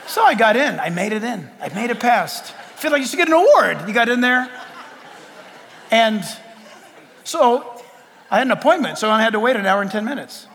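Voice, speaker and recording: A man preaches with a high, lively voice that leaps around as he acts out conversations. His delivery is animated and storytelling-driven. The sound carries a long reverb, as in a large hall. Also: normal speed, long pauses, some chatter behind, a little hiss or hum. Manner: animated storytelling, acting out dialogue with God. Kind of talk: sermon.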